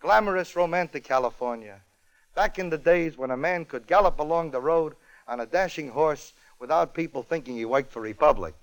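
A man's voice: fairly high pitch, a little fast, slight background noise, poor audio. A man hosting a comedy show, telling a comic story in a wry, joke-timed way. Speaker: comedy radio host.

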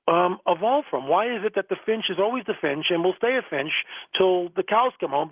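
A man's voice: high voice, dry recording. Emphatic man on a phone line. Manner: emphatic, preachy, repeats words. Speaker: guest author. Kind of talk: radio interview.

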